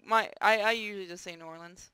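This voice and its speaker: A woman's voice: medium pitch, steady tone, quick pace, bright, forceful tone. A woman streamer chatting casually with her co-host, blunt and chatty, swearing freely. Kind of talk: casual chat on a live stream.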